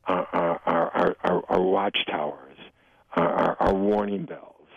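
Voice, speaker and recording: An older man, a guest author, telling jokes and talking about humor in a radio interview, animated and given to slipping into voices. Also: low-pitched, a little slow, gravelly, breathy edge, dry recording. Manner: animated storyteller, jumps into joke voices. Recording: dry tinny radio phone-line sound.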